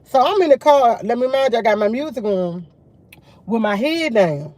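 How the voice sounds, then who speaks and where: A young woman vlogging to her viewers, retelling a run-in in an animated, emphatic way with slang and swearing. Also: on the high side, moderate pace, no echo. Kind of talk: casual storytelling chat.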